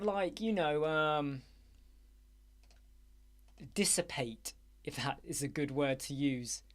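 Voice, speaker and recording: A man hosting a live Q&A chat show, rambling and animated, with many fillers. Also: fairly high pitch, takes it slowly, long pauses. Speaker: host. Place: dark room with soundproof panels.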